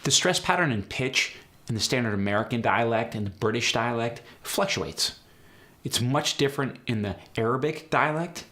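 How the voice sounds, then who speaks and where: A man hosting a tutorial as an accent coach, explaining sounds in a brisk, direct way. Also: medium pitch, expressive, pushed and bright. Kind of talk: instructional tutorial.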